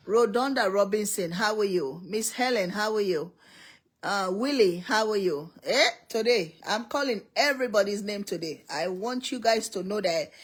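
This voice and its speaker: A middle-aged woman hosting a casual livestream from home, greeting viewers by name and laughing often. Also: medium pitch. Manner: laughs often, calls out viewer names one by one.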